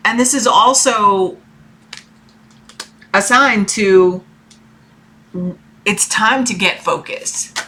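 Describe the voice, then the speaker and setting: Bright-voiced woman giving a chatty tarot reading. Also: mid-range voice, extremely slow, long pauses. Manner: chatty, rambling, keeps asking okay. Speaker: tarot reader. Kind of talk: casual tarot reading to viewers. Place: her room.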